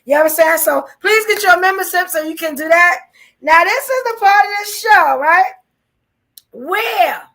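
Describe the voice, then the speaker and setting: High, gravelly-voiced woman podcast host. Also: brisk, bright, forceful tone. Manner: chatty, repeats "you know what I'm saying". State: losing her voice. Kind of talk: casual live-stream chat.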